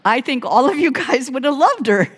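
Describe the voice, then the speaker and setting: A woman's voice: high voice, moderate pace, husky. Woman pastor in a reverberant church. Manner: animated, laughing often while telling a story. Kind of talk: storytelling sermon. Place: church sanctuary. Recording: long church hall reverb.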